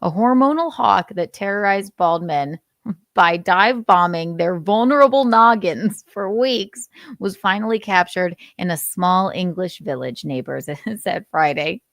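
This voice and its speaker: A young woman hosts a loose live stream, reading headlines aloud and breaking into giggles and the odd curse. Her voice sits fairly low, and the sound is dry and close with no room around it. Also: lively intonation, unhurried, a bit bright, no room sound. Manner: giggly, profane, chatty. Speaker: host.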